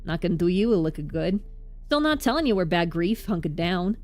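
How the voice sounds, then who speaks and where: A woman voicing a gruff, evasive male street thug in an attempted New York accent, read aloud from a game. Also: lowish voice, big pitch swings, fairly quick, a little mellow, faint music behind. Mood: stubborn.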